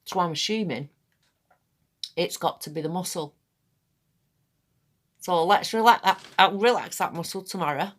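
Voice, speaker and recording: A middle-aged woman, her voice sitting a little low. She chats in a rambling, blunt way, swearing now and then as she demonstrates a skin treatment. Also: normal speed, pauses often, a bit bright. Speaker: aesthetics practitioner. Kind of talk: casual chat while demonstrating.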